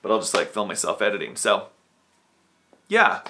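A man casually vlogging at home, sleepy and rambling in a low-key, self-deprecating way. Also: wildly swooping pitch, moderate pace, bright, forceful tone, a little hiss or hum. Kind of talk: casual vlog chat. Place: at home, indoors. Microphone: camera or phone on a stand.

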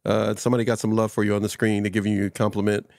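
Laid back guy hosting, gravelly voice, pretty flat delivery. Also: fairly low pitch, rapid-fire, no echo, clean studio sound. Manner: laid-back, calls the guest "man". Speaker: host. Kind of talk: casual interview chat.

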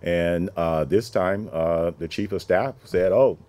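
A man's voice: low-pitched, takes it slowly. A man being interviewed, recounting events conversationally and acting out the dialogue he quotes. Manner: animated retelling, acts out quoted dialogue. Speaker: interview guest, former mayoral policy advisor.

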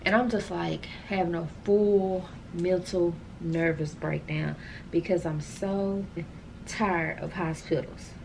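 Chatty woman vlogger, lowish voice. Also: steady tone, slow pace, vocal fry, a little mellow, a little hiss or hum. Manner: chatty, rambling, addresses viewers as y'all. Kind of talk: casual chat to camera.

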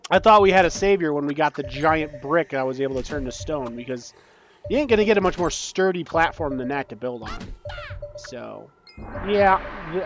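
A young man giving casual, excitable commentary while playing a game, breaking into panicky outbursts and joking about his own skill. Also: a little high, slight background noise. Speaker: gaming YouTuber.

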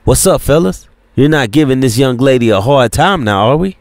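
A man's voice: medium pitch, animated, moderate pace, no room sound, natural voice. A man voicing a protective older brother who squares up to strangers, tense and pushy. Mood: confrontational. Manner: tense, confrontational, raised voice.

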